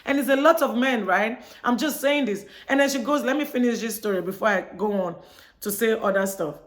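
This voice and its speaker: A woman's voice: a little high, fairly quick. A woman from Chicago talking straight to her viewers in a casual monologue, telling a story and acting out both sides of the conversation. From Chicago, United States. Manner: chatty storytelling, acts out dialogue. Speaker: vlogger.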